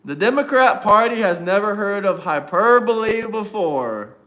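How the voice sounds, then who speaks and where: A man's voice: high voice, animated, a little slow, a bit bright. A man hosting a casual livestream, talking to his chat and teasing viewers in a mocking way. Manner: mocking, taunting chat banter. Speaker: livestream host.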